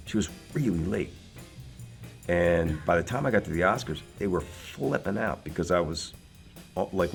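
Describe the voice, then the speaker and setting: A man in his sixties from Philadelphia, an actor telling casual, rambling anecdotes with many fillers and laughs. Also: low-pitched. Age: 60s. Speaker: actor guest.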